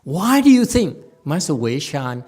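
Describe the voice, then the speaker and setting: A man giving a Chan Dharma talk as a Buddhist meditation teacher, animated and teasing, laughing often. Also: a little high, measured pace, breathy edge.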